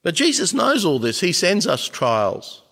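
A man preaching a sermon as a pastor, earnest, with emphatic pauses and swells in volume. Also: high voice, huge pitch swings, vocal fry, a bit bright. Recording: long reverb of a large hall.

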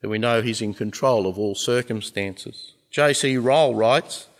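Pastor preaching in a reverberant hall. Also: male voice, medium pitch. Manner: earnest, with emphatic pauses and swells in volume. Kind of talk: sermon. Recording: long reverb of a large hall.

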